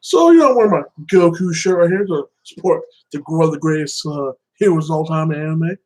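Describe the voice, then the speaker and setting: A man with a slightly high voice hosts a casual solo chat on his channel. He rambles, leans on "like that" and "you know", and greets viewers by name as he goes. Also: animated, brisk, darkish tone, rough recording. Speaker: YouTube channel host.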